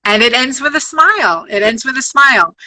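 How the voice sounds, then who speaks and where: A woman's voice: high voice, lively intonation, fairly quick, bright, forceful tone, poor audio. A middle-aged woman physician, a guest in a podcast interview, talking upbeat and often restarting her sentences as she lists her points.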